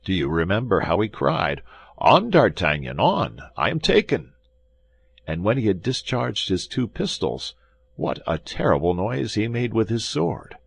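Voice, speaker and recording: A man voicing an eager, loyal male servant who speaks in an excited, admiring way. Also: lowish voice, normal speed, vocal fry, husky, voice pushed up, full character voice.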